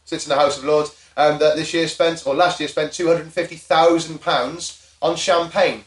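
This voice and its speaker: A man's voice: a little high, fairly even intonation, moderate pace. Sardonic man in an echoey room. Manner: sardonic, crude. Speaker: podcast host. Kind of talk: casual chat.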